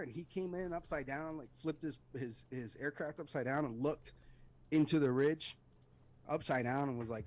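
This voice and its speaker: A man's voice: fairly high pitch, moderate pace. A middle-aged man, an Army veteran, telling stories as a guest in a casual interview and acting out voices and sounds. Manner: animated, acts out voices and sounds in his stories. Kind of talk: casual storytelling in a podcast interview.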